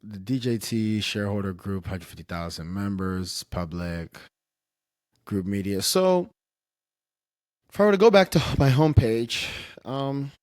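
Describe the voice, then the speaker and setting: Low-voiced man rambling on a livestream. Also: lively intonation, unhurried, darkish tone, dry recording, studio quality. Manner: rambling, self-interrupting. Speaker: streamer. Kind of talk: casual livestream commentary.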